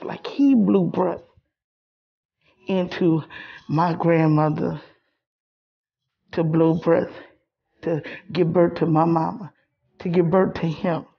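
A middle-aged woman, crying as she talks haltingly in a personal vlog. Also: lowish voice, creaky, husky, muffled recording. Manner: tearful, halting, repeats herself. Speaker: vlogger.

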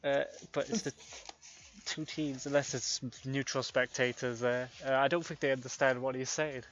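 A man's voice: medium pitch, steady tone, moderate pace, fairly bright tone, muffled recording. A young man hosting a casual podcast chat who laughs often and makes fun of himself. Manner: self-deprecating and laughing a lot. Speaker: podcast host.

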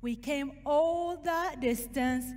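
A doubtful young woman colleague asks quiet, disbelieving questions, as a woman speaker quotes her. The voice is high, slow and soft. It carries long hall reverb. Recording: stage hall reverb, faint music.

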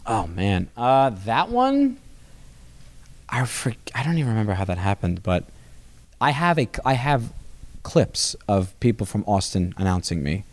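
Rambling comedian man, deep dry voice. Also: a little slow, no room sound. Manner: rambling, animated, lots of restarts and fillers. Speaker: stand-up comedian, podcast guest. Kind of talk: casual interview chat. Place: comedy club.

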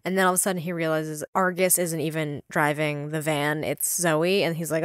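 Low-voiced chatty woman podcast co-host. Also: little pitch movement, clear, resonant tone, no echo, studio quality. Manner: chatty, acts out characters' lines in quick impressions. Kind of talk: casual book-discussion chat.

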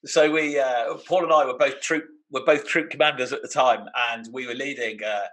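A man's voice: medium pitch, fairly even intonation, normal speed, bright, forceful tone, low-quality recording. A middle-aged British man co-hosting a podcast, telling stories with laughter and imitations. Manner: storytelling with laughs and mimicry. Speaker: podcast co-host. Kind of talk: casual anecdotal chat.

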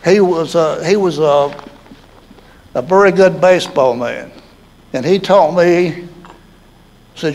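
Older man, Southern accent, high voice, folksy chuckling storyteller, interview. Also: slow pace, long pauses, a little mellow, low-quality recording. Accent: Southern American. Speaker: hall of fame inductee.

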